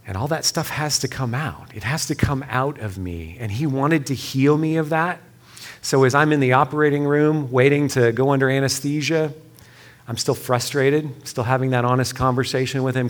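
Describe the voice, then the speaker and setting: A man giving a sermon-style session, telling a personal story and then leading a quiet, earnest prayer. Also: medium pitch, normal speed. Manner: earnest storytelling, drops to soft hushed prayer. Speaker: speaker leading a church session.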